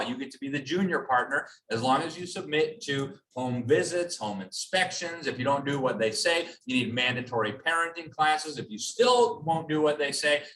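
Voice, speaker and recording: A man's voice: medium pitch, fairly bright tone, slight background noise. A man giving a public talk with slides to a live audience, emphatic and sarcastic in tone. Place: hall with an audience. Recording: echoey hall, from a distance.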